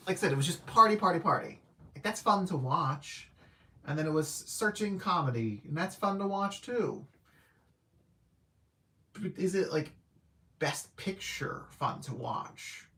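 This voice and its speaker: A man's voice: a little high, fairly bright tone. A man giving a casual, rambling spoken movie review. He hesitates, leans on filler words, and chuckles at his own remarks. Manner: rambling and hesitant, heavy use of "like" and "I don't know"; laid-back and conversational. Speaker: film reviewer.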